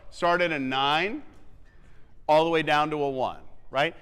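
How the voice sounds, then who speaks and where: A man coaching a wind band in rehearsal, briskly counting off and singing the rhythms to show them. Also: fairly high pitch, fairly even intonation, a bit bright, smooth. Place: theatre stage. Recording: long theatre reverb with faint band.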